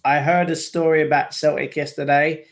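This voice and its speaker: A chatty man hosting a casual livestream from his home, reading out and answering his viewers' messages as they come in. His voice sits a little higher than most men's, and he slips into a mildly defensive, explaining tone when he talks back to the chat. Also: flat delivery, normal speed. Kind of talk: casual live-stream chat.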